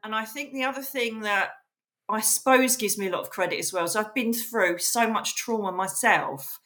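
A woman guest on a podcast, telling her story in a casual, animated and emphatic way and acting out the voices she quotes. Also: on the high side, moderate pace. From England. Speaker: podcast guest, psychic medium.

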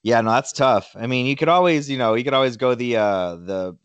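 A young man co-hosting a casual sports podcast, laid-back and hedging, often trailing off quietly. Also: mid-range voice, brisk, clean tone, dry recording, dull audio. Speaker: podcast co-host.

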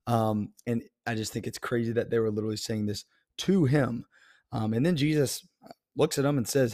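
A man's voice: medium pitch, steady tone, fairly quick, darkish tone, no echo, studio quality. A young man hosting a podcast, earnestly talking about faith with many fillers and restarts. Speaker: podcast host.

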